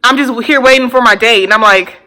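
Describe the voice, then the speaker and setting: Bright-voiced young woman telling a story. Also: fairly high pitch, fast talker. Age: 20s. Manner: laughs often, blunt and profane. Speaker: vlogger. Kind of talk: casual storytime chat.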